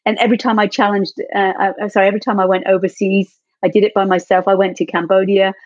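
A woman's voice: mid-range voice, flat delivery, fast, a little mellow, no room sound. A woman guest telling her personal story in a heartfelt, earnest way, easily moved. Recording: dull lo-fi dry sound.

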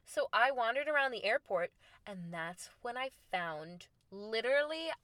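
A young woman tells a personal story with bright, sharp tone and a slightly high voice. She is casual and animated, and her voice leaps up whenever she acts out what someone said. The sound is dry and close. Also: unhurried, no room sound. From United States. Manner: animated, acts out quoted lines with big pitch jumps. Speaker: storyteller host.

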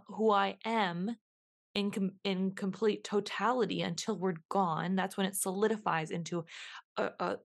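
A woman's voice: medium pitch, creaky. Musing woman, repeating her questions. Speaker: podcast host. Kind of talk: reflective solo podcast monologue.

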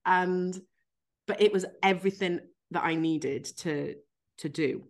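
A woman's voice: fairly low pitch, measured pace. A woman hosting a podcast, talking candidly and emphatically about her own emotional breakthrough, frank and self-deprecating with the odd swear word. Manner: recounts a tearful therapy session. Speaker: podcast host. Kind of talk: candid conversational podcast chat.

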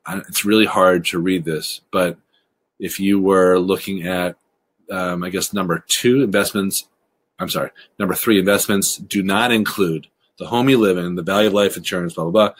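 Fast-talking low-voiced man presenting. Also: fairly bright tone, breathy edge. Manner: fast-talking, brisk and explanatory. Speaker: webinar presenter on college financial aid. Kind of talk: recorded webinar presentation.

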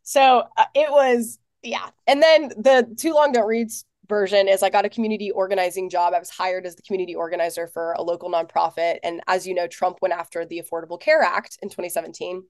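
A woman in her thirties from Tennessee, a political organizer telling her story as a guest in an office, earnest and animated with lots of fillers. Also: lowish voice, quick pace, hardly any pauses, dry recording, studio quality. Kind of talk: casual interview.

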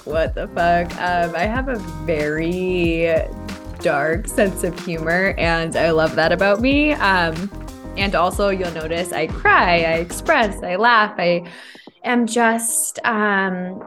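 A young woman hosting a casual, confessional podcast from a podcast room in a co-working space, candid and laughing often as she swears freely. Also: lowish voice. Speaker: podcast host and self-love coach.

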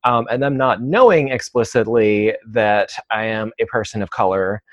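A man who works as a dog trainer, speaking as an interview guest in a thoughtful, measured way, pausing often with "um" and "uh". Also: on the low side, dry recording. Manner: thoughtful, measured, many "um" and "uh" pauses. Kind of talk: conversational interview.

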